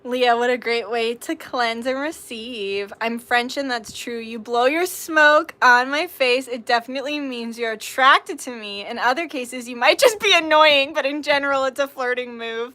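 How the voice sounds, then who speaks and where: A woman's voice: a little high, normal speed, few pauses, bright, forceful tone. A young woman hosting a live tarot stream, chatting casually, reading out viewer comments, giggling and swearing freely.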